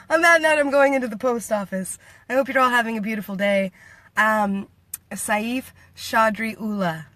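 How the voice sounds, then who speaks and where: A woman's voice: fairly high pitch, moderate pace, fairly bright tone, dry recording. Giggly American woman vlogger. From United States. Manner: giggly and playful, laughs often. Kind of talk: casual chat to viewers, reading comments.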